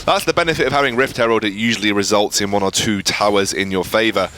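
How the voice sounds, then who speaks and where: A man providing color commentary for a live esports match, explaining plays in a rapid, rattling delivery. His voice sits fairly low. Faint noise runs under the broadcast. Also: bright, forceful tone. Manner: quick, explanatory analysis.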